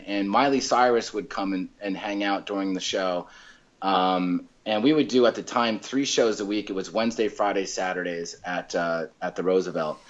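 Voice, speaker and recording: A male comedian telling stories in a casual chat, talking in quick bursts with lots of fillers and restarts. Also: lowish voice, dull audio. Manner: animated storyteller, many fillers and restarts. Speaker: comedian guest.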